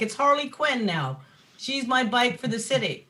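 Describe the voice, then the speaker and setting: A woman guest on a talk show chatting casually about her bikes, animated and swearing freely, laughing often. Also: fairly high pitch, normal speed. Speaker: guest, map company founder. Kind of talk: casual chat.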